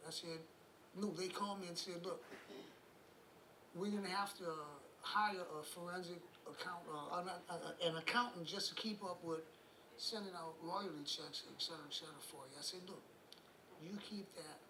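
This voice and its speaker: A New man, a musician guest, telling rambling anecdotes in a casual interview, chuckling and acting out the voices of people in his stories. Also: fairly high pitch. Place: room on a cruise ship. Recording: roomy with background noise.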